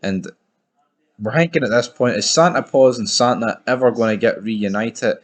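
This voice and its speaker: A young Scottish man reviewing a film in a casual, sweary, animated way, joking about being a hard man. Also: mid-range voice, normal speed. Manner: sweary, animated, mock-macho. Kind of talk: casual movie review rant.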